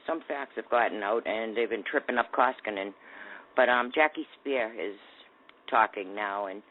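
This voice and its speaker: Sarcastic woman talk radio host, phone-tinny. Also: a bass voice. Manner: sarcastic, indignant.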